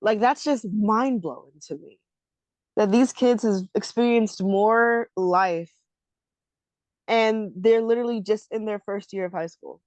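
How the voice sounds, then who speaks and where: A woman co-hosting a podcast, chatting about an anime in an animated, emotional way that often breaks into laughter. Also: medium pitch, measured pace, dry recording. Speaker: podcast co-host. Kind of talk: casual anime discussion.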